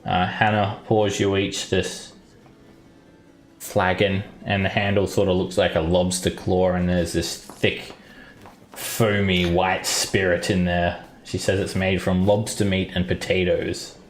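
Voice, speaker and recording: A man narrating as game master of a tabletop game, relaxed and laughing between lines. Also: sits low, a little slow, roomy sound, slight background noise, rough recording.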